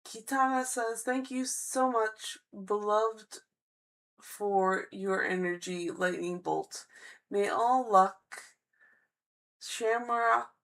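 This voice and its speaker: A woman tarot reader on a live stream, slowly reading out viewers' chat messages and answering each one in a friendly way. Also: mid-range voice, fairly bright tone.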